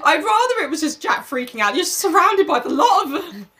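A woman's voice: very high voice, sing-song, brisk, bright, forceful tone. A woman hosting a podcast, retelling a novel in casual chat, laughing and swearing as she goes. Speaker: podcast host.

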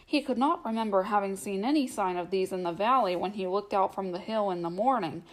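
A woman reading a novel aloud as the narrator, in a steady, measured storytelling manner. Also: mid-range voice. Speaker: audiobook narrator.

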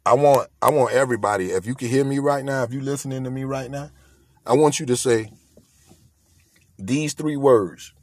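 At a moderate pace, a mid-range male podcast host delivers an emphatic, preachy motivational monologue, repeating his points. The recording has no room sound.

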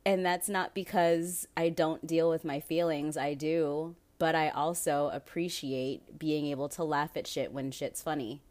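A young woman with a low voice hosts a solo podcast. She talks slowly and casually, swears freely and laughs often between thoughts. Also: fairly even intonation, a little mellow. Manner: profane, laughing, candid. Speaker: podcast host.

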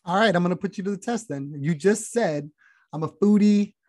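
A woman's voice: fairly low pitch, a little fast, mellow. A woman co-hosting a casual podcast chat, emphatic and teasing with firm opinions. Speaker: podcast co-host.

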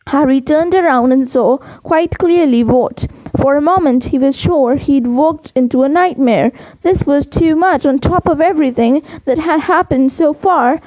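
Slow-reading woman, stumbling over words. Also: sits high, dry recording. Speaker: reader. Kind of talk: reading a novel aloud. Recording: muffled home recording.

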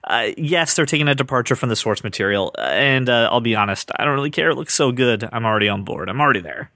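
Dry-miked excitable male podcast host. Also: mid-range voice, fast talker, no room sound. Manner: enthusiastic, rambling with restarts. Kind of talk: casual chat.

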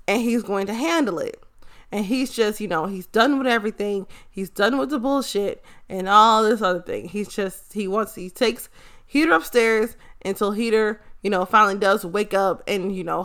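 A woman's voice: mid-range voice, bright, forceful tone, clean tone. A young adult woman casually recapping an episode, blunt and profane, rambling with restarts. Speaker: show recapper.

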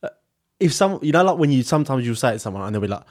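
A man's voice: medium pitch, big pitch swings, rapid-fire, a little mellow. A young man co-hosting a podcast, easygoing and teasing, laughing often. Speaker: podcast co-host. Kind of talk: casual banter.

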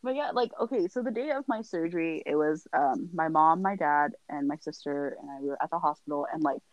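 A young woman talking casually on a podcast, telling lively stories and acting out what her parents said. Her voice sits a little low for a woman. The sound is dry and close. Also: a little fast, no room sound, highs cut off. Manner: animated storyteller, acts out family quotes, sighs and laughs often. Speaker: guest.

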